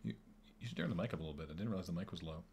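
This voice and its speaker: Low-voiced man co-hosting a stream. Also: very fast, a little mellow, slightly rough. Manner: playful, reads out subscriber thanks. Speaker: stream co-host. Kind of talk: casual chat.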